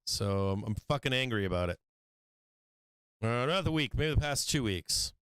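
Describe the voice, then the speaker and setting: A man's voice: mid-range voice, lively intonation, normal speed, fairly bright tone, clean tone, no echo. A man hosting a stock trading live stream, talking casually, swearing and venting frustration about his trades.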